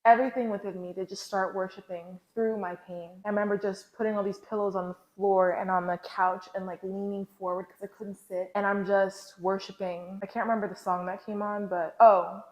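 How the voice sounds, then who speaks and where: A woman's voice: medium pitch, level tone, brisk. A woman vlogger telling a candid, casual, heartfelt faith story to her viewers. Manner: casual, slangy, heartfelt and confessional. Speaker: lifestyle vlogger. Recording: roomy echo.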